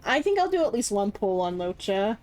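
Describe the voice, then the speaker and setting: A woman's voice: medium pitch, sing-song, a little fast, darkish tone. A woman live-streaming a game, chatting casually with her viewers and rambling with lots of filler words.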